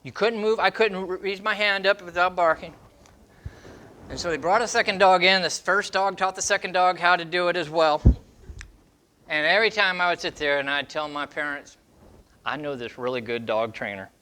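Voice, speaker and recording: A dog trainer answers viewer questions in a fairly high, bright and forceful voice. He is emphatic and acts out training steps in short fragments. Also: fairly even intonation, normal speed, a little hiss or hum. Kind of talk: Q&A advice segment.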